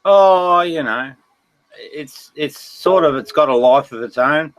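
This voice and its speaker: A man's voice: on the high side, slow pace, a bit bright, poor audio. Aussie guy hosting a live stream chat, keeps laughing and cursing, very emphatic. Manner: laughs often, swears freely, emphatic. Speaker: livestream host. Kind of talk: casual livestream chat.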